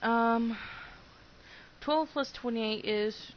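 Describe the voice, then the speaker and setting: A woman's voice: a little high, drawn-out words, highs cut off, slight background noise. A young woman in her twenties narrating a video game playthrough in casual, rambling commentary, giggly and hyper. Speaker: let's play host.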